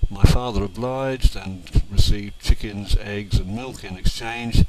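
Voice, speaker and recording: A man in his sixties from England talks over old family film, unhurried and reminiscing, pausing on fillers. His voice sits a little low. A heavy, constant hiss runs beneath it. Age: 60s. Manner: unhurried, with fillers and small restarts. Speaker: narrator of home movies.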